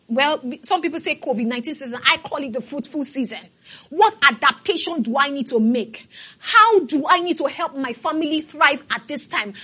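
A woman's voice: high voice, a bit bright. A woman pastor preaching a sermon emphatically and calling out to her congregation.

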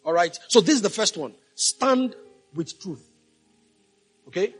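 A man's voice: sits high, expressive, measured pace, husky, soft background music. A male pastor preaching a sermon, emphatic, repeating key phrases and asking the congregation if they follow.

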